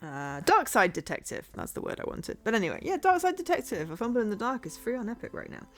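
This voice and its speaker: A woman's voice: medium pitch, very animated, quick pace, a bit bright, faint music behind. A woman streamer giving casual gameplay commentary, chatty and rambling, often laughing. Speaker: game streamer.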